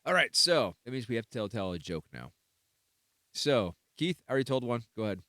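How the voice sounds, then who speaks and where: A man's voice: medium pitch, sing-song, fairly quick, sharp tone, dry recording, studio quality. A man hosting a casual podcast, running the game and laughing often. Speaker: podcast host. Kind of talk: casual chat.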